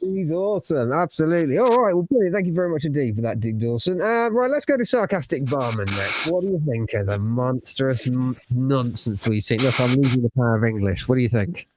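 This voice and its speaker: A man hosting a casual online panel chat, lively and quick to laugh and swear. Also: mid-range voice, noisy background. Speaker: panel host.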